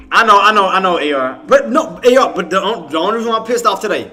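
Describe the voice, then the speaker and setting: Man, higher voice, bright and forceful, exasperated live trading commentary, faint music behind. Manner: exasperated, swears, talks straight to chat. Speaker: day trader streaming to viewers.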